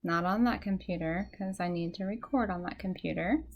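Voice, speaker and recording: A woman's voice: on the low side, normal speed, slight background noise. A young woman teaching a one-on-one phonics lesson, patient and encouraging, explaining step by step, recorded on a computer in an indoor room.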